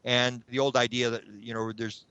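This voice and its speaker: Middle-aged male guest, chatty storyteller, mid pitch, dry lo-fi sound. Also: moderate pace, smooth, dry recording. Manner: animated, acts out his own past thoughts. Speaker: guest, UFO researcher. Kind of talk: rambling anecdotal storytelling. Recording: dull lo-fi sound.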